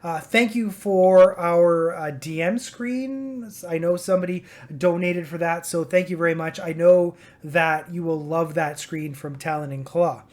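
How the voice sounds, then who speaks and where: A woman running a tabletop game as game master, narrating in a relaxed way with fillers. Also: lowish voice, a little slow, few pauses.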